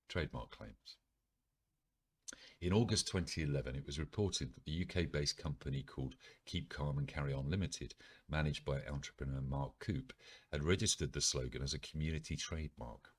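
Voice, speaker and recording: A man's voice: a bass voice, slightly rough. A man from the United Kingdom reading articles aloud as a podcast host, with frequent ums and wry ironic asides.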